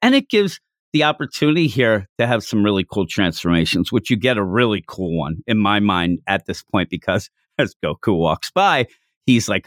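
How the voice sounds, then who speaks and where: Male podcast co-host, lively pitch, dry close sound, playful scene retelling. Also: moderate pace, dry recording. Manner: animated, acts out character lines in funny voices. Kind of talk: casual manga discussion.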